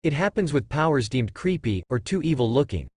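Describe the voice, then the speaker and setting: A man's voice: medium pitch, sing-song, brisk, darkish tone, breathy edge, no room sound, studio quality. A man voicing a blunt young woman who lists someone's faults, matter-of-fact.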